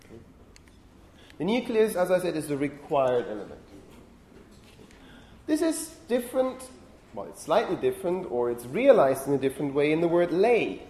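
Big pitch swings, long pauses, and a moderate pace mark this mellow, slightly high male voice. A university lecturer covering phonetics, he often asks "okay?" and scolds chatty students, his words echoing around a lecture hall with faint background noise.

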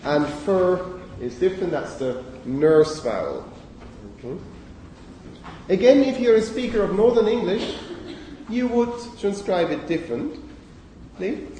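A man's voice: sits high, sing-song, slow, dark tone, far from the mic, slight background noise. Male lecturer in an echoey hall. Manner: explanatory, addresses students with frequent okays. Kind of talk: university phonetics lecture.

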